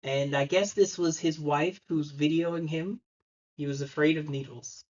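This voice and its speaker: A man's voice: on the high side, fairly even intonation, a little slow, lo-fi sound. A man preaching a sermon, telling a story and acting out the people in it. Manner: storytelling, acts out the voices in his story. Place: church.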